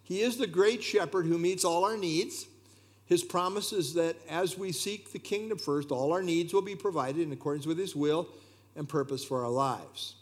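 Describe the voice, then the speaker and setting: Brief: man preaching, emphatic, repeats key lines, slightly high pitch. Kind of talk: sermon.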